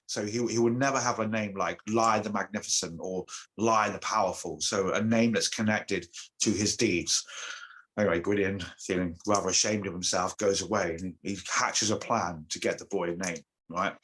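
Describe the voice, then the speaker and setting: A man, a shamanic teacher, retelling an old myth as a guest in an animated, halting way. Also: on the low side, poor audio. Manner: animated storyteller, halting with restarts. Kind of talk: telling a myth in conversation.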